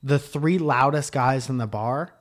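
A young adult man, a comic and podcast co-host, telling stories in casual chat with a teasing, profane, animated manner. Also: mid-range voice, a little slow.

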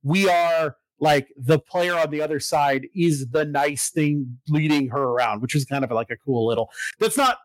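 Excitable man recapping a game. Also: on the high side, moderate pace, few pauses, dry recording, rough recording. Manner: excitable, swears, lots of fillers. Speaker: podcast co-host recapping a video game. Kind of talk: casual chat.

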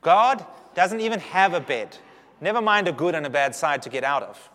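A man preaching a sermon to a congregation, animated and humorous, with asides to the audience. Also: on the high side, normal speed. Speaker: pastor. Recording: long reverb of a big hall.

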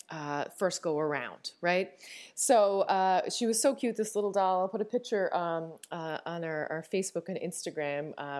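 Newfoundland woman, candid podcast host. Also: medium pitch. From Newfoundland, Canada. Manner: warm and candid, laughs often, frequent fillers and restarts. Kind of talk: reflective personal podcast talk.

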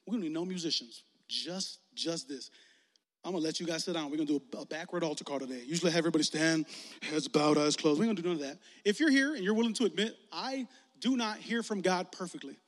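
A young man preaching as a youth pastor in a casual, animated way, acting out quoted voices as he leads an altar call. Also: fairly high pitch, fast. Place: large hall with audience. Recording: long hall reverb.

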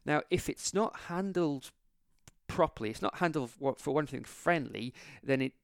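A man tells a story on his podcast in a casual, animated way, stumbling and restarting as he goes. His voice is smooth and resonant, recorded dry and close with no room sound. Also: a little high, normal speed, no room sound. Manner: chatty, animated anecdote with frequent restarts. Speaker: podcast host and optometrist.

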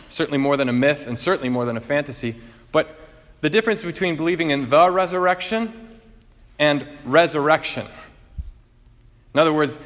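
A man's voice: on the high side, a bit bright. A man preaching a sermon and retelling gospel stories in an earnest storytelling manner. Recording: reverberant hall.

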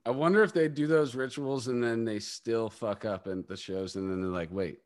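A man's voice: medium pitch, normal speed. A man chatting casually as a former tourmate, laid-back and saying "dude" a lot. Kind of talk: casual chat.

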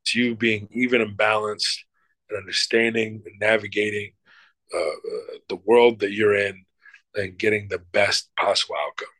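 A middle-aged man, an actor and showrunner, answers interview questions loosely and emphatically, swearing freely and leaning on plenty of fillers. His voice sits lowish with fairly even intonation, a moderate pace, and a fairly bright tone. The recording is rough but has no echo.

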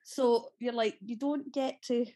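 Glaswegian actress on a podcast, fairly high voice, chatty, swears and laughs a lot. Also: female voice, fairly even intonation, a little slow, dark tone. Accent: Glaswegian Scottish. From Scotland. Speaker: guest actress. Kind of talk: casual podcast interview.

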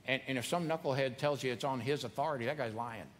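A man preaching earnestly, talking to listeners as if in a personal chat and repeating key phrases to press them home. His voice sits at an ordinary pitch for a man. It rings with the long reverb of a hall over a faint hum of noise. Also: fast talker. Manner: earnest, conversational preaching with repetition. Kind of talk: sermon.

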